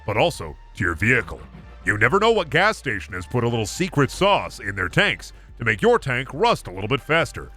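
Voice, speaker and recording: A man voicing a slick, pushy car-warranty telemarketer with smooth, rehearsed sales patter in a lowered voice. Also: sharp tone.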